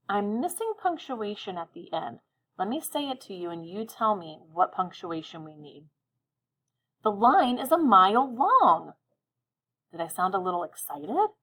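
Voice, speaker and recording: A woman teaching a phonics lesson, sounding words out slowly and encouraging young learners. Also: mid-range voice. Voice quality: slow, carefully sounds out words. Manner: patient, encouraging, stretches words out.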